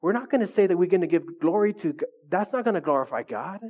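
A man's voice: high-pitched, animated, fast, narrow, tinny audio. A pastor preaching a conversational, humorous sermon, often asking his congregation questions.

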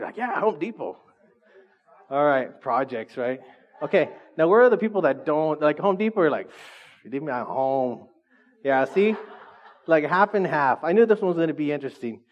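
A man's voice: on the high side, dull audio. A man preaching a casual sermon as pastor, chatty and joking with the congregation.

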